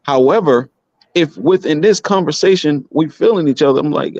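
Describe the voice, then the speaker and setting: Podcast guest, male wrestler: rambling, crude, opinionated, slightly raised pitch, close and dry. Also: moderate pace, a little mellow, dry recording, muffled recording. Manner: blunt, profane, rambling with many restarts. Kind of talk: casual podcast chat.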